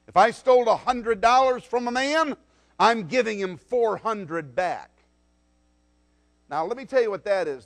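High-voiced guy preaching, gets loud then drops real quiet, dramatic. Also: expressive, normal speed. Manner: dramatic, swings between loud and soft. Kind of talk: sermon.

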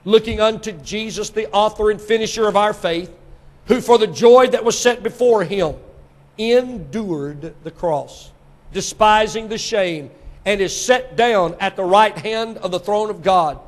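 A man preaching a sermon, swinging from quiet teaching to shouted exhortation. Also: high-pitched, a little slow.

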